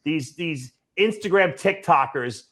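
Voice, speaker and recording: A man on a talk panel lays out his view with emphasis. His voice sits a little high and swings widely in pitch. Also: expressive, measured pace, a bit bright. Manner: emphatic, analytical, talks over others. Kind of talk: casual chat giving opinions.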